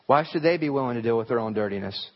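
A man's voice: medium pitch, lively intonation, fast. A man preaching a sermon in a church, talking conversationally and asking the congregation rhetorical questions. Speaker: pastor. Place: church sanctuary. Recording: hall reverb, dull lo-fi sound.

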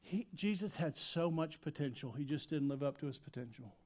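A man preaching a sermon as pastor, swinging between loud emphatic lines and quiet, low asides. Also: lively intonation, fairly quick. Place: church sanctuary.

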